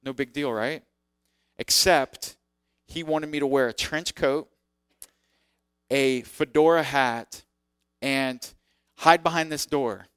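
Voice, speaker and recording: A man's voice: mid-range voice, slow pace, long pauses, smooth, no room sound, studio quality. A man preaching in a self-deprecating storytelling way, acting out the voices in his story. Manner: animated, acts out quoted voices. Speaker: preacher sharing testimony. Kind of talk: sermon storytelling.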